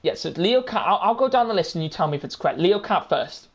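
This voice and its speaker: A chatty woman hosting a live race stream in a slightly low voice. She talks briskly and is easily amused, shuffling through admin with quick asides. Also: expressive, a little hiss or hum. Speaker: race league host.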